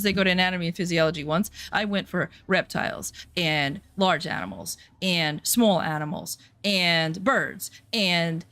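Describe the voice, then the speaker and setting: A woman's voice: medium pitch, fairly bright tone, no echo. A young adult woman streaming and telling a story in casual chat, sarcastic and profane, over faint music. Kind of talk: casual chat while gaming.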